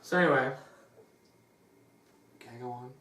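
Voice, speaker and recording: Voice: mid-range voice, moderate pace. Crude, rambling movie reviewer. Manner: rambling, crude, animated storytelling. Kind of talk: comedic movie review chat. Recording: roomy room, distant mic.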